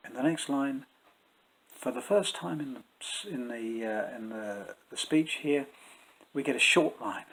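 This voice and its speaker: A man teaching Shakespeare's verse in a measured, explanatory way, pausing to think as he goes. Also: medium pitch, a bit bright, breathy edge, poor audio. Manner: measured and explanatory, with thoughtful pauses and fillers. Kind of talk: spoken lesson to camera.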